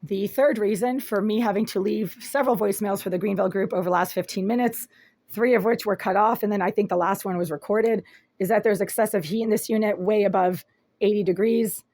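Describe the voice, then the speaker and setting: A raspy-voiced woman filming a first-person complaint video in a small apartment room on a handheld phone, talking in an aggrieved, detailed and insistent way. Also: medium pitch, fairly even intonation, a little fast, a little mellow. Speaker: vlogger.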